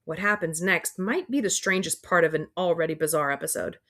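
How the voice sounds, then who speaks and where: A woman's voice: sits low, brisk, fairly bright tone. A woman reading a first-person audiobook in a wry, dry storytelling manner. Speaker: audiobook reader.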